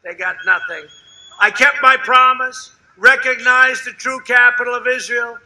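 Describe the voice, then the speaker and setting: An older man giving a rambling, boastful campaign rally speech, repeating himself and swinging between shouted lines and hushed asides. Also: very high voice, steady tone, measured pace, low-quality recording. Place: outdoor rally before a large crowd.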